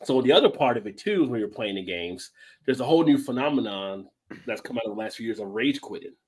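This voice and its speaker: A man rambling through a casual podcast chat at a quick clip, his pitch jumping all over, with a husky edge to his voice. He laughs easily as he goes. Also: expressive. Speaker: podcast co-host.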